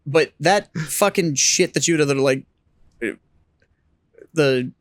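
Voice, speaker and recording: A man with a fairly high voice jokes and swears emphatically in casual podcast talk. He is recorded on a close mic in a dry space with little reverb. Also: takes it slowly. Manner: joking, profane, emphatic. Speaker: podcast co-host, veteran, not a Marine. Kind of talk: casual profane banter.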